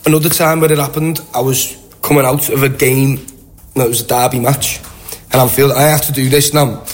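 A Liverpudlian man with a Scouse accent, telling animated anecdotes in a casual interview. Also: medium pitch, fairly quick. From Liverpool, England. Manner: chatty, animated anecdotes with acted-out quotes. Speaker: guest. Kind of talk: casual storytelling.

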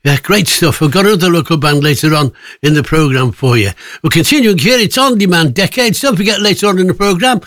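A man hosts a local radio show. He talks in a slightly high voice, joking and laughing easily with his co-hosts as he tells a story. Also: fast, a bit bright. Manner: jokey, laughs often, tells stories. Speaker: radio presenter. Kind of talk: casual radio chat.

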